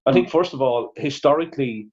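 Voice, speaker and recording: A man, a lecturer and broadcaster, answering interview questions in a measured, thoughtful way. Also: mid-range voice, lively intonation, darkish tone. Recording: dull lo-fi audio.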